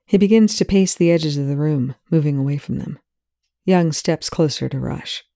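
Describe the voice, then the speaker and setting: An audiobook narrator quietly reading fan fiction in an even tone. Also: medium pitch, normal speed, vocal fry, no echo, studio quality.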